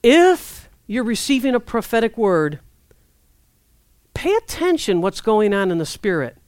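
A woman preaching a sermon in a conversational, lively way, acting out prayers and inner thoughts. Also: on the high side, measured pace, smooth, dry recording, clean studio sound.

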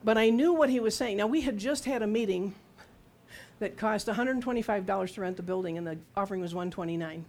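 A woman's voice: medium pitch, fast talker, darkish tone. Middle-aged woman preacher, chatty sermon delivery, mid-range voice, playful acted-out quotes. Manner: conversational, humorous storytelling with acted-out quotes.

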